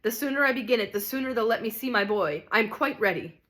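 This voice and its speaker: A woman's voice: expressive, fast talker. A woman reading an audiobook, voicing a possessive, grieving mother's ghost who speaks sharply and snappishly. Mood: indignant. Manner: sharp, snappish, rising to shrill.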